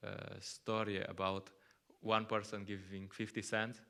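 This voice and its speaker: A man's voice: fairly low pitch, flat delivery, a little slow, creaky, pushed and bright, smooth. A man with Slovenian as his first language giving a conversational scripture class in English, often laughing and acting out little quotes. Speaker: lecturer at a temple.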